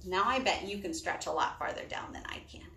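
A woman librarian leading children through storytime yoga, talking in a slow, encouraging, coaxing way. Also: lowish voice, creaky, bright, forceful tone, a little hiss or hum. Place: on a balcony. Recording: roomy, distant mic.

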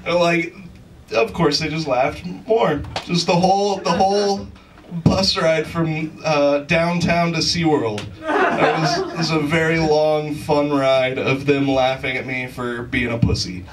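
A man's voice: a little high, steady tone, unhurried, recorded from a distance, slight background noise, poor audio. Rambling self-mocking male stand-up comic. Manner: self-deprecating, rambling with many fillers, laughs at own jokes. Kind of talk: stand-up set. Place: comedy club stage.

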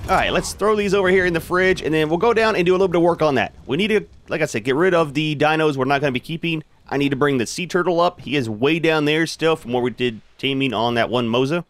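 A man's voice: on the high side, fast talker, hardly any pauses. A man hosting a gaming channel, giving casual commentary as he plays and chatting to his creatures in a laid-back way.

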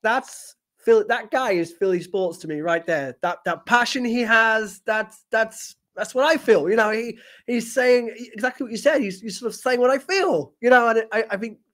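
A man's voice: high voice, moderate pace, hardly any pauses, fairly bright tone. A man hosting a casual sports podcast interview, enthusiastic and agreeable, often laughing. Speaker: podcast host.

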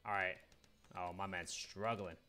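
A man's voice: sits low, steady tone, measured pace, bright, forceful tone, faint music behind. A young man at home chatting casually and rambling while streaming a video game. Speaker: gaming streamer. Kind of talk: casual livestream commentary.

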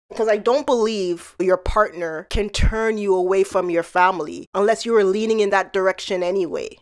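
A woman hosting casual commentary, chatty, laughing between points and talking straight to the people she discusses. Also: mid-range voice. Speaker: commentary channel host.

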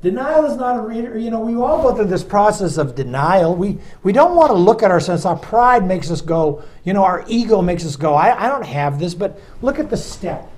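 A man, a pastor, leading a Bible study in a loose, animated teaching style and asking a helper to read verses aloud. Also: high voice, moderate pace, hardly any pauses, low-quality recording. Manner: animated, talks straight to listeners and asks a helper to read verses.

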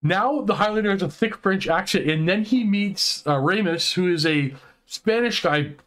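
A man co-hosting a casual online chat, ranting excitedly with many restarts and quick turns. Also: sits high. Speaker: podcast co-host.

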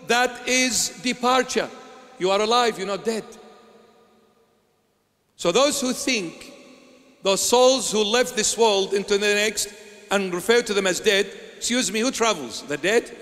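High-voiced bishop preaching in a reverberant hall. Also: male voice, a bit bright. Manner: rhetorical questions answered by himself, slow emphatic delivery. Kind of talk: sermon.

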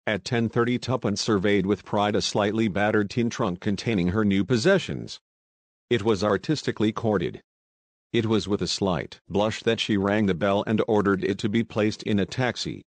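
A man reading an audiobook in a steady, even scripted narration. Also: on the low side, moderate pace, no echo.

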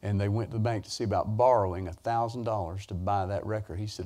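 A man preaching a sermon, telling folksy stories with sudden rises in pitch and volume. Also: steady tone, fast talker, few pauses, dark tone. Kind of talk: sermon storytelling.

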